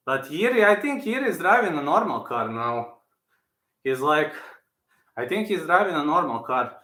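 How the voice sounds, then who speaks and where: On his channel's live stream, a man with a slightly high, sharp voice chats casually and responds to viewers, often saying the same things again. His audio carries a roomy echo.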